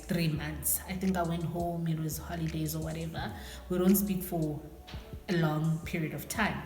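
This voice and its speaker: A young South African woman casually telling a story time to her viewers, animated and acting out what people said. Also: lowish voice. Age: young adult. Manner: animated, switches into Xhosa phrases, acts out quotes. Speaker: vlogger. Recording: echoey room with faint background music.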